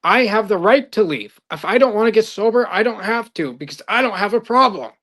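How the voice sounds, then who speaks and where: A man putting on an indignant pilot shouting protests. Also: sits high, animated, a little fast. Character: defiant angry male airline pilot in rehab.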